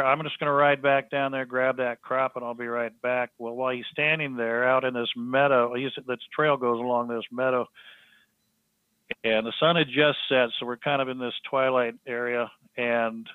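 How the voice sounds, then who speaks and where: A man's voice: mid-range voice, dry recording. A man, a guest in an interview, telling a story and acting out the quoted speech of the people in it. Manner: rambling storyteller who acts out quoted speech. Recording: tinny phone line.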